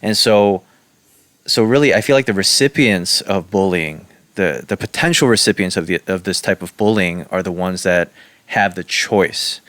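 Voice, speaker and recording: A man with a low voice lays out his opinions in a thoughtful, casual podcast chat, filling his sentences with "like." The recording is close and dry. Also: normal speed, a bit bright, no echo. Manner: thoughtful, opinionated, uses "like" often. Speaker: podcast co-host.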